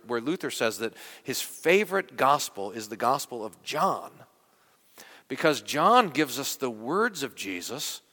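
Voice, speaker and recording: A man preaching a sermon as pastor, talking in an animated, conversational way, often restarting and repeating words. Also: medium pitch, big-room sound. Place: church.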